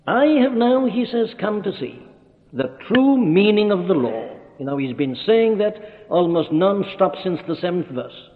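Preacher, male, expository sermon; emphatic, lively and fairly high voice, tinny recording with a long hall echo. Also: a little slow. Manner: emphatic, reasoning aloud with rhetorical questions.

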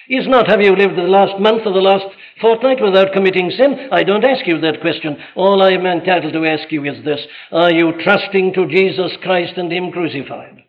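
A man with a high voice preaches an earnest sermon. He fires rhetorical questions and abruptly presses his points with greater force. The recording is dull and lo-fi.

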